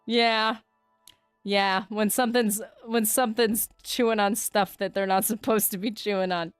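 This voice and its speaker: A woman's voice: medium pitch, normal speed, smooth, no room sound, clean studio sound, faint music behind. Chatty woman game streamer. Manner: chatty and reflective, reads chat aloud. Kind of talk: casual livestream chat.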